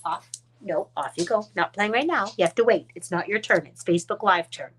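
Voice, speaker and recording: A woman's voice: medium pitch, animated, brisk, a bit bright, a little hiss or hum. Chatty canadian lady on a live stream doing a craft demo, rambles, mutters to herself, talks to her dogs. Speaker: card-making demonstrator.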